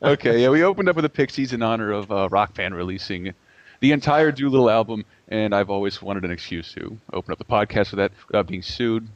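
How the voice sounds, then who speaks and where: A man's voice: fairly low pitch, lively intonation, quick pace, dry recording. A man hosting a casual podcast chat, loose and joking as he steers the segments. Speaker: podcast host. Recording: dull, dry podcast recording.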